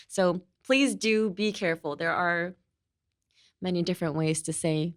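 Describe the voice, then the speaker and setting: A woman's voice: lowish voice, measured pace, fairly bright tone, no echo. Brief: young woman, lesson host, giggly and chatty, dry studio mic. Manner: chatty, laughs often, mixes in Japanese. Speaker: host and English teacher. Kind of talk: casual language lesson.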